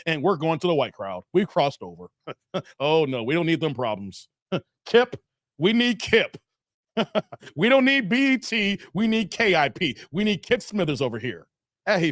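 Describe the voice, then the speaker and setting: A man's voice: high voice, a bit bright, no echo, clean studio sound. A man hosting a casual livestream who reads out viewer comments, jokes loosely and laughs often. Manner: loose, joking, laughing often, drops into mock voices. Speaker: livestream host.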